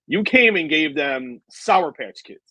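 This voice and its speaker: A dad telling a rambling story. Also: male voice, on the high side, measured pace, husky, no room sound, low-quality recording. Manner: rambling, animated anecdote with many asides. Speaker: interviewer. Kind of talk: casual interview storytelling.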